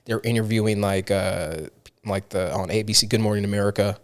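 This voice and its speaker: A man's voice: on the low side, steady tone, brisk. A man hosting a podcast, telling stories in a rambling way full of "like". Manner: rambling storyteller, many "like" and restarts. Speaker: podcast host. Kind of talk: casual podcast chat.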